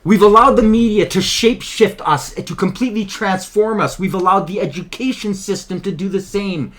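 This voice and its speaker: Impassioned higher-voiced man. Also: moderate pace, fairly bright tone. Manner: impassioned, emphatic, repeats himself. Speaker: channel host. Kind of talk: political commentary monologue.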